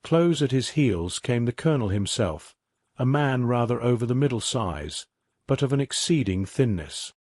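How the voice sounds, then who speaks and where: A man narrating a sleep-story audiobook in a calm, measured way. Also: mid-range voice, dry recording, clean studio sound.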